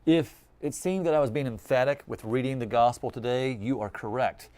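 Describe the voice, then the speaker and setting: A male priest, reading the Gospel and preaching with emphatic, slowed-down stresses. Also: medium pitch, darkish tone.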